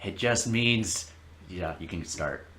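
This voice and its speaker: Bright-toned man, echoey room. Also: low voice, lively intonation, slow, slight background noise. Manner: loose, rambling paraphrase with many fillers and mock voices. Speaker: co-host playing and translating a game. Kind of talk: casual let's-play commentary. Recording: echoey room with faint ambience.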